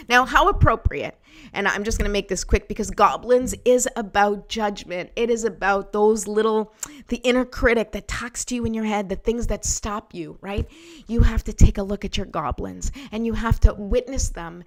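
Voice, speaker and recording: A woman hosting a spiritual livestream speaks at medium pitch with a slightly bright voice. Earnest and emotional, close to tears, she greets viewers by name during heartfelt talk that includes a card reading.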